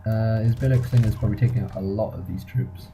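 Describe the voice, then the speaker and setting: Talking quickly in a voice on the low side, a male commentator reviews a strategy game battle in a loose, casual way. Music plays underneath, the audio is poor, and he keeps rambling and correcting himself as he thinks.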